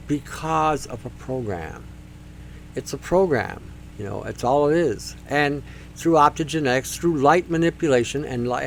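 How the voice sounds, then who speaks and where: A man's voice: on the high side, a little hiss or hum. A man hosting a talk show, speaking in a rambling, emphatic monologue that circles back on itself. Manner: rambling, emphatic, repeats himself. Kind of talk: casual monologue.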